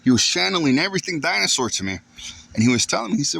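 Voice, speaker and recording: A man's voice: fairly high pitch, expressive, racing, creaky, bright, forceful tone, dry recording, poor audio. A man casually telling a long story outdoors into a handheld phone camera, rambling, repeating himself and swearing as he goes. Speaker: vlogger.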